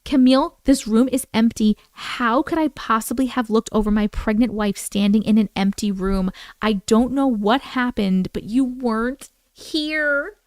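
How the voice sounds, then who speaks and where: A woman's voice: fairly high pitch, measured pace, few pauses, darkish tone, no echo, lightly acted. A woman voicing a panicked young husband searching for his missing wife, in urgent, pleading questions.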